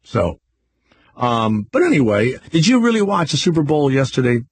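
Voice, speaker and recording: A man's voice: medium pitch, moderate pace, husky. A man hosting a radio talk show, telling stories in casual banter and mimicking people as he goes. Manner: animated storytelling, mimics people.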